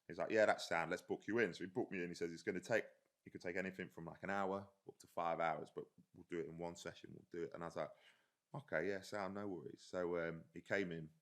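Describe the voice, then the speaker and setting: A man, an army veteran, telling stories in a casual, rambling way and swearing freely. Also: deep voice. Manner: rambling, swears freely, often says "do you know what I mean". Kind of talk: casual storytelling in a podcast chat.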